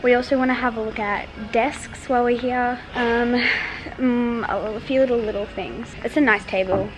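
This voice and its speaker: A woman's voice: a little high, fairly even intonation, moderate pace, music in the background, low-quality recording. A young woman vlogging in a casual, chatty way who says "like" constantly, filming herself handheld as she moves around. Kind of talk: casual vlog chat. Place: bedroom at home, then a furniture store. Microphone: camera on a tripod, then handheld.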